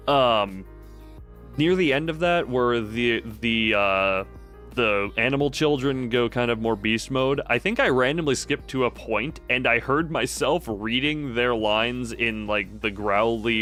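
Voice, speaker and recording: A man's voice: mid-range voice, a bit bright. A young man chatting casually on a late-night stream, rambling and cutting himself off mid-sentence. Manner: rambling, self-interrupting, chatty. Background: faint background music.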